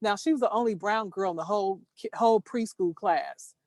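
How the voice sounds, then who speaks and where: A woman telling a personal story over a video call, earnest and halting, restarting her sentences. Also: mid-range voice, darkish tone, no echo. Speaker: caller sharing a story.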